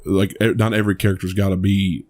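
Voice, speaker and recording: A man co-hosting a podcast talks fast in a low, level, darkish voice. He chats casually about a movie, rambling, restarting often and swearing now and then.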